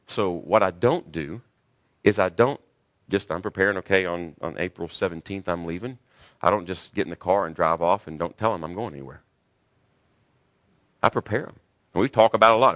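Deep-voiced man preaching a sermon. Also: brisk, a bit bright, no room sound, studio quality. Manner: earnest preaching, rises to emphatic peaks. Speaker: pastor.

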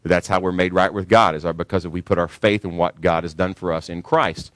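A man's voice: low voice, steady tone, fairly quick, fairly bright tone, no room sound. A man pastor delivering a sermon to his congregation, preaching emphatically and rising sharply when he stresses a point.

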